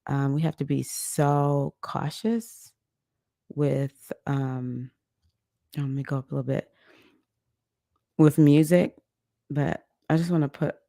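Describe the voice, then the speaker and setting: A woman hosting a live online women's circle, reading out chat comments in a soft, affectionate, unhurried way. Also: sits low, steady tone, creaky, no echo, clean studio sound. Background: music playing.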